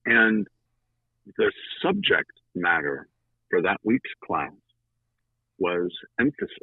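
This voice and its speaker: A man guesting on an interview show, telling a story in a lively conversational way with dramatic pauses. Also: low-pitched, husky, no room sound. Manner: animated, with dramatic pauses and fillers. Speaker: guest, audiobook narrator. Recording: tinny phone-like line.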